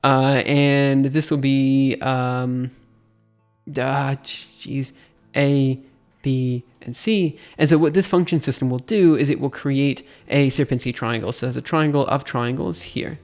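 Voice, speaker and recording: A man with a slightly gravelly voice talks through a physics idea on a livestream, thinking aloud and giggling at his own asides. Faint music plays quietly behind him. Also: medium pitch, fairly even intonation, slow pace. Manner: chatty, giggly, self-deprecating, thinks aloud. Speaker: streamer teaching physics. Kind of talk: casual livestream explanation.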